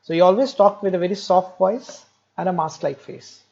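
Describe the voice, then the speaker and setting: A man's voice: high voice, normal speed, darkish tone, highs cut off. A man giving a medical lecture, explaining step by step, repeating key terms and speaking directly to students with light jokes. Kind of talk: recorded exam-prep lecture.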